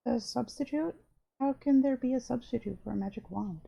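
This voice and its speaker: A man voicing a timid, hesitant young boy in a husky falsetto while reading a game aloud. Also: fairly quick, warm tone, heavily acted. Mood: unsure. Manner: hesitant and unsure.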